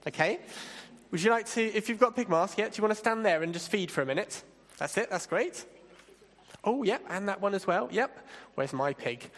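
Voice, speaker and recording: Lively man with a playful Bible talk. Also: sits high, big-room sound. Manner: playful, directing helpers with quick asides. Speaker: church leader giving a talk. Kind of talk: interactive Bible talk with volunteers.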